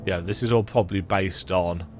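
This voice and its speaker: A man's voice: low-pitched, fairly even intonation, normal speed, soft background music. A man with a strained, tired voice giving rambling, self-deprecating commentary while playing a story game. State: strained, worn-out voice. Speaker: game streamer. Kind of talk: casual let's-play commentary.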